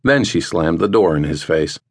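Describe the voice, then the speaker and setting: Male audiobook narrator, deep and measured, close dry read. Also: lively intonation, no echo. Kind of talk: scripted narration.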